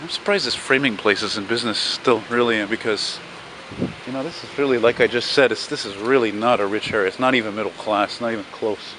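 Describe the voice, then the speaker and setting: Outdoors on a city street at dusk, a vlogger with a lowish voice talks a little fast, rambling and swearing to his viewers as he walks. Street traffic and passing cars fill the background.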